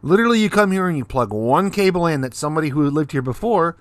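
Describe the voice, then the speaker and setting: Man, slightly high voice, dry close sound, laid-back podcast storyteller, casual swearing. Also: animated, fast talker, dry recording. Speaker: podcast co-host. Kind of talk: casual chat. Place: Fukuoka, Japan.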